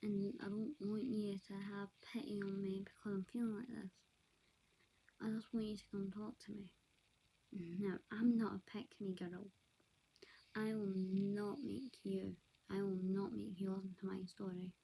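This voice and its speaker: A woman vlogger talking to camera in a soft, often whispered, hesitant confessional monologue. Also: medium pitch, level tone, measured pace, vocal fry, slightly rough, poor audio.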